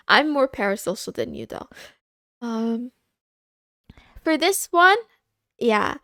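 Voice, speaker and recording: A woman streamer chatting casually on a livestream, halting and confiding, with frequent pauses and restarts. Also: on the high side, sing-song, a bit bright, no echo, clean studio sound. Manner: halting, with many fillers and restarts; candid and confiding.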